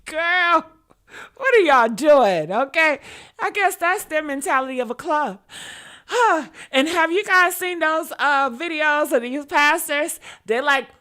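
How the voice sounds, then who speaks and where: A woman's voice: high voice, expressive, a little slow, pushed and bright. A woman hosting opinionated commentary, talking bluntly and with sass, cursing freely. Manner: blunt, sassy, profane. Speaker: host.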